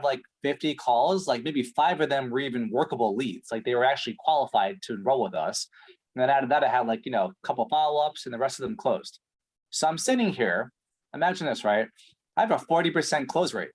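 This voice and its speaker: A man's voice: mid-range voice, slightly rough. Ranting, foul-mouthed man. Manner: ranting, profane, exasperated. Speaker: prospect in a sales role-play. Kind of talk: sales call role-play.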